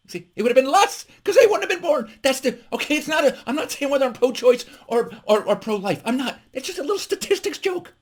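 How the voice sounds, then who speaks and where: A middle-aged man doing a stand-up comedy monologue as host from his home office, animated with mock-defensive asides. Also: on the high side.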